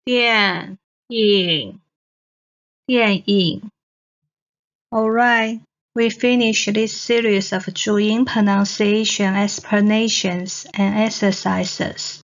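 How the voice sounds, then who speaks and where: A woman's voice: mid-range voice, flat delivery, takes it slowly. A woman from Taiwan teaching Mandarin pronunciation, repeating each word twice with careful enunciation. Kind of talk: slow, deliberate pronunciation lesson. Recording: dull, muffled lo-fi recording.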